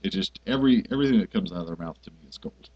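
Man, animated swooping voice, gushing podcast co-host, casual chat, lo-fi muffled audio. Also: low-pitched, racing, breathy edge. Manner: animated, gushing, many fillers.

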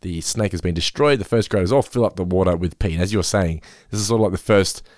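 Fast-talking man recapping an episode. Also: low voice, darkish tone, no room sound, studio quality. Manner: rapid recapping, swearing, laughing asides. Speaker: podcast host. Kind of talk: casual episode review chat.

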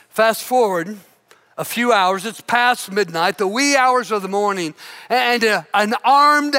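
High bright-voiced preacher, dramatic storyteller. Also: male voice, slow, pauses often. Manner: dramatic, drops to hushed intensity. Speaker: pastor. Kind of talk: sermon storytelling.

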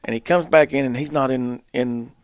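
A man's voice: medium pitch, fairly even intonation, moderate pace, clear, resonant tone, no echo, clean studio sound. A man, co-hosting a podcast, tells a hunting story in casual chat and laughs through his punchlines. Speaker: podcast co-host.

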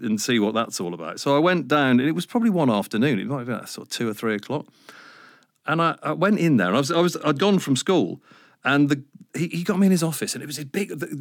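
A man's voice: mid-range voice, no room sound, clean studio sound. A middle-aged man, telling a rambling, self-mocking story in a casual interview. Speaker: radio presenter guest.

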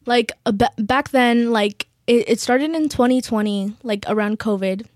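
A woman's voice: on the high side, normal speed, no echo, studio quality. A young woman chatting casually on a podcast, rambling with lots of fillers and giggles. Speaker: podcast co-host.

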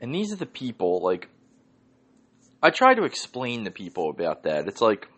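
A man's voice: fairly low pitch, huge pitch swings, normal speed, fairly bright tone, breathy edge. Swearing Philly man ranting on a podcast. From Northeast Philadelphia. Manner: profane, ranting, heavy swearing. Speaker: podcast host. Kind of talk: solo podcast rant.

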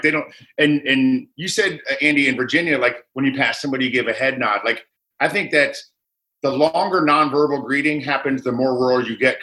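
A man in casual podcast chat, halting and restarting with many fillers. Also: medium pitch, pushed and bright.

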